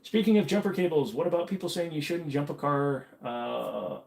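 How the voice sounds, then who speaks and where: A man's voice: on the high side, moderate pace, gravelly, darkish tone. A man hosting a casual livestream, rambling and joking as he reads chat comments aloud and answers them.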